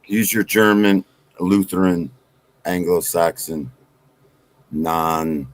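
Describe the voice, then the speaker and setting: A man's voice: low-pitched, slow pace. A man on a livestream, teasing the others with crude jokes. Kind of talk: casual livestream banter.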